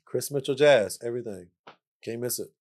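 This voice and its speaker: A man's voice: medium pitch, fairly quick, darkish tone. A man guest on a casual podcast, playfully lecturing his listeners and repeating phrases for emphasis. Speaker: podcast guest, jazz musician.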